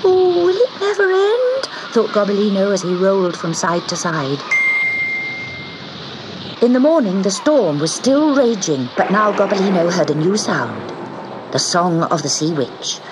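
A woman reading a children's story aloud in an expressive, sing-song way. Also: on the low side, a little slow. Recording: background noise.

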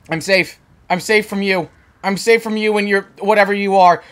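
A man's voice: high voice, normal speed, fairly bright tone. A young man giving rambling, chatty let's play commentary as a gaming channel host, talking back to the game's characters and reacting to scares. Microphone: desk microphone with facecam.

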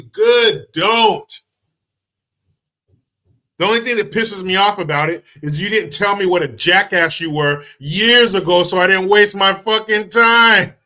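A man's voice: sits high, animated, normal speed, bright, forceful tone. A man hosting his channel, giving a sarcastic, mocking and profane rant about a video clip. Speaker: channel host. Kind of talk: ranting commentary on a clip.

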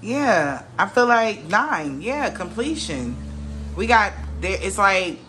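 A woman's voice: medium pitch, sing-song, slow, fairly bright tone, a little hiss or hum. Musing woman reading tarot cards. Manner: musing, exclaims often, trails off mid-sentence. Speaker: tarot reader. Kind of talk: casual spoken card reading to viewers.

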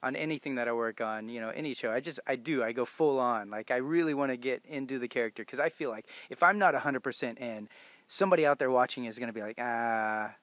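A man's voice: medium pitch, quick pace, fairly bright tone, no room sound. A man in his forties, a voice actor, telling stories in a convention interview and laughing often as he acts out quotes. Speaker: voice actor guest. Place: convention venue.

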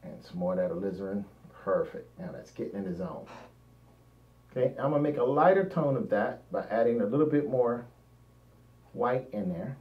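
A man's voice: on the low side, lively intonation, normal speed. A man narrating a painting demonstration, thinking aloud as he works and often trailing off mid-sentence. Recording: roomy, dull lo-fi sound, mic at a distance.

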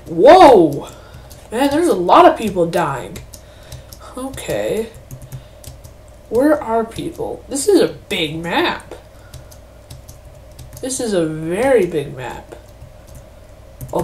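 A woman's voice: on the low side, darkish tone, a little hiss or hum. A young woman giving casual commentary while she plays a game, chatting to herself and breaking into mock-grumpy outbursts. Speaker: gaming channel host.

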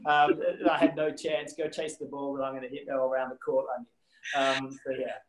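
An Australian man, a former tennis player, telling animated anecdotes on a video call, with frequent restarts and laughs. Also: mid-range voice, fairly quick, reverberant, low-quality recording. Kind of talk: casual storytelling on a video call.

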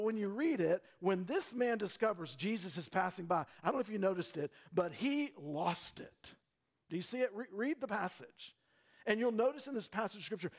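A man's voice: high-pitched, gravelly. A man preaching a sermon as pastor, earnest, with frequent repeated words and rhetorical questions.

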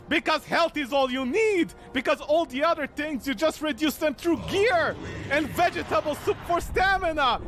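A man's voice: very high-pitched, expressive, moderate pace, fairly bright tone, a little hiss or hum. A man streaming a video game, ranting angrily with a lot of swearing and repeating exasperated questions. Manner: angry swearing rant. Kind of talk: livestream gameplay commentary.

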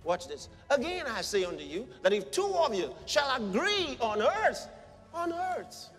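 High-pitched impassioned preacher man. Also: big pitch swings, a little slow, fairly bright tone, big-room sound, soft background music. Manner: impassioned, acting out cries and quotes. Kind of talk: sermon.

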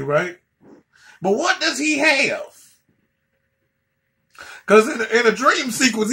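A man's voice: very high voice, gravelly, a bit bright. A man doing a profane comedic rant, stammering and repeating words as he goes.

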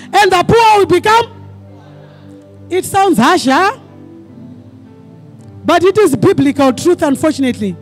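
A pastor preaching a sermon to his congregation, asking them questions for call-and-response and often breaking into fervent shouting. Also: extremely high pitch. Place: church service.

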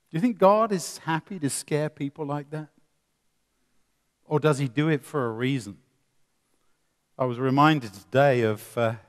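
A man preaching a sermon, swinging between loud emphasis and quiet asides, with many rhetorical questions. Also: a little high. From England. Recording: long reverb of a hall.

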